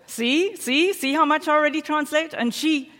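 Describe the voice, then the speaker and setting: A woman's voice: high-pitched, moderate pace, a bit bright. South african lady pastor preaching, chatty and joking at herself, big echoey church hall. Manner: chatty, self-deprecating storytelling with audience asides. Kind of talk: sermon. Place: church sanctuary. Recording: long church hall reverb.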